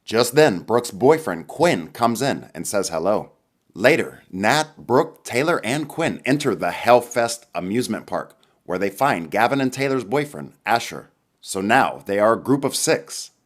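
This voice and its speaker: A man narrating a scripted movie summary in a lively storytelling manner. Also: lowish voice, unhurried.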